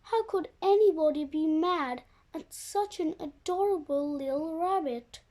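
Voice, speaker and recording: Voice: extremely high pitch, a little slow, dark tone. A young reader voicing Jill, a chatty girl who explains a funny book. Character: girl Jill, clever and amused.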